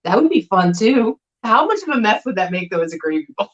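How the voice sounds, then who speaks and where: A woman's voice: on the high side, very animated, normal speed, highs cut off, faint music behind. A woman chatting casually and enthusiastically while presenting items for sale, laughing often. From not from the South. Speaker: co-host glass seller. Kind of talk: casual live sale chat.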